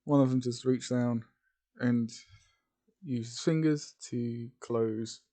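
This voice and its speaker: Guy telling a fan story real slow, dark mellow voice, rambly asides. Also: mid-range voice, fairly even intonation. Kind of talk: casual fan-fiction narration.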